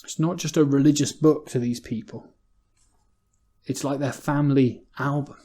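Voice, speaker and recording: Mellow-voiced English man preaching. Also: medium pitch, steady tone, normal speed. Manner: conversational, repeats words as he goes. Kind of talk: sermon. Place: church.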